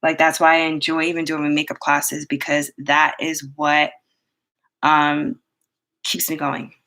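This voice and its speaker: A woman's voice: sits low, monotone, a little slow, bright, forceful tone, low-quality recording. A woman beauty vlogger telling a personal story while doing her makeup, chatty and full of fillers, laughing often. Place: home, doing makeup in front of the camera.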